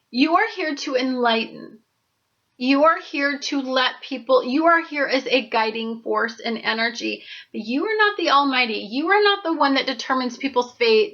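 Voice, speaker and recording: A woman with a high voice hosts an astrology reading, emphatic and a bit preachy as she lectures her viewers. Her talk breaks into animated asides. The sound is dull and lo-fi. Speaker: astrology host.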